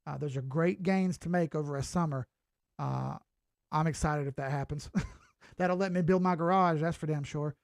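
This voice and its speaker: A folksy, middle-aged crypto chart analyst from the Southern United States talks through price charts in a chatty drawl, swearing mildly now and then. His voice is slightly high, gravelly, and full of vocal fry, at a moderate pace. The recording is close and dry with no room echo.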